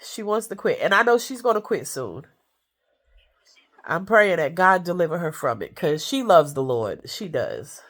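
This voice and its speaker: A woman's voice: on the low side, big pitch swings, normal speed, fairly bright tone. Grandmother vlogger, congested, easygoing home chat. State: stuffy with a cold. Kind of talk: casual chat to viewers. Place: in bed at home.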